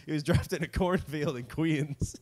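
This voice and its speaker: A man's voice: fairly high pitch, normal speed, darkish tone. A young man co-hosting a comedy podcast, riffing casually and often laughing mid-sentence. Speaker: podcast co-host.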